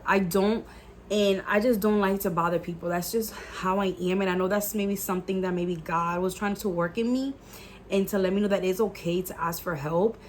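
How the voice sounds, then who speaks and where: Young woman, low voice, quick chatty vlog storytelling, faint hiss behind. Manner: chatty, peppered with "like" and "guys". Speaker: YouTuber telling a personal testimony. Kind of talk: casual storytelling to camera.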